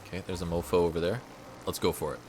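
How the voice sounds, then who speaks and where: A man's voice: sits low, steady tone, fast talker, very noisy. A man giving casual gameplay commentary while he plays, laid-back and thinking aloud, often repeating words. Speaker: gaming streamer. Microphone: USB desk microphone. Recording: game music under the voice. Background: game music.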